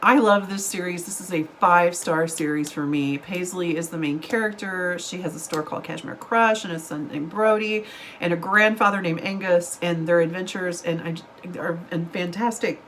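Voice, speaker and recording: Chatty woman with a low-pitched voice. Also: moderate pace, fairly bright tone, slight background noise, poor audio. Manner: chatty, rambling, giggly. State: recovering from illness. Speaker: book vlogger. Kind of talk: casual chat to camera.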